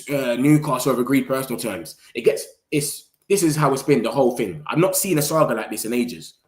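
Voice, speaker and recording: A man's voice: medium pitch, reverberant. A young man, chatting loosely and animatedly about football transfers as a channel host, full of slang and banter. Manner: animated slang-heavy banter, laughs often. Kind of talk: casual live transfer-news chat.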